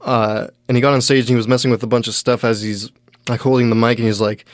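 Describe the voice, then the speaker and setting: A young man hosting a podcast, telling a comedy story in a halting, deadpan way with many restarts. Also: mid-range voice, dry recording, clean studio sound. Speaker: podcast host, stand-up comedian. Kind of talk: casual solo storytelling.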